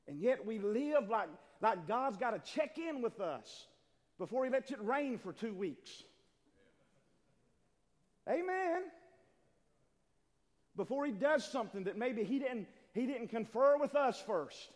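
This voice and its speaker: A man preaching a sermon, swinging between quiet talk and loud, shouted appeals. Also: very high voice, expressive, a little slow. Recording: long hall reverb.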